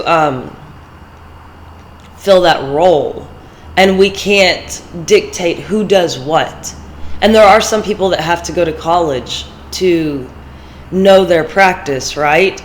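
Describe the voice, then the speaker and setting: A woman's voice: low-pitched, takes it slowly, slight background noise, poor audio. Congested woman giving casual life advice. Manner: rambling, personal, with fillers. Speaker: vlogger. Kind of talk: casual motivational talk.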